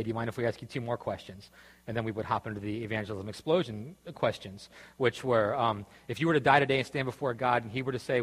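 A husky-voiced man at an ordinary pitch tells a story in a casual, rambling way, doubling back and restarting as he goes. His voice carries a long reverb, as if spoken in a large hall. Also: a bit bright. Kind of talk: storytelling sermon talk.

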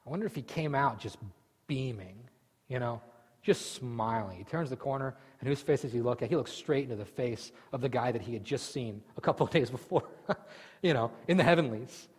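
A man preaching a sermon as pastor, telling the story vividly and swinging from loud outbursts to hushed asides. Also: mid-range voice, a little fast, slightly rough. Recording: long hall reverb.

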